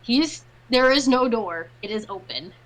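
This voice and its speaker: A woman's voice: a little high, lively intonation, measured pace, rough recording. A woman narrating a tabletop game as game master, loose and chatty with frequent fillers.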